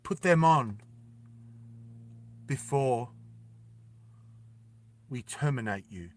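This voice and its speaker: A man voicing a cold humanoid female processing guard who speaks in flat commands. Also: mid-range voice, drawn-out words.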